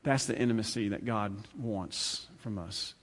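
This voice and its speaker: A male preacher giving a sermon, conversational and repetitive, swinging from loud, fast bursts to hushed, slow lines. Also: fairly low pitch. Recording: long hall reverb.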